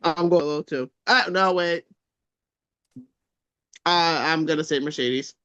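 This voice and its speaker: Man, podcast co-host, casual chat, high voice, hesitant, stumbles, crude jokes, dull lo-fi sound. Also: measured pace, sharp tone, smooth.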